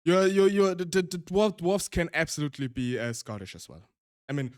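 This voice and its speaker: A man's voice: a little high, steady tone, fairly quick, no echo, studio quality. A male streamer with a German accent chatting casually, rambling with frequent restarts and laughs.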